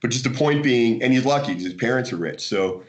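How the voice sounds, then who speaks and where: An American man, a guest author in a casual interview, telling animated stories with frequent laughter and restarts. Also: medium pitch, fairly quick. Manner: animated storyteller, laughs often, many restarts. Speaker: guest, martial arts author.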